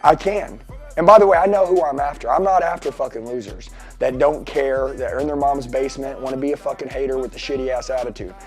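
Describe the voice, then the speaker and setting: A man giving a motivational seminar talk to a mastermind group, intense and profane, swinging between shouting and hushed asides. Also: medium pitch, steady tone, fast, faint music behind. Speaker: sales coach addressing a mastermind group. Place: seminar room.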